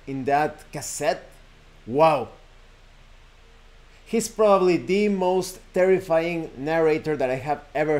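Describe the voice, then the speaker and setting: A man's voice: a little high, darkish tone. Rambling man retelling a tale. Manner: rambling, self-correcting, frequent fillers. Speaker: host. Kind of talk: casual storytelling.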